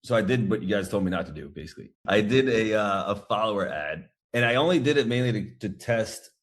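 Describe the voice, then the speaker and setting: A man's voice: fairly low pitch, expressive, quick pace. A man on a coaching call, chatting casually and profanely about how his business is going. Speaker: coaching client.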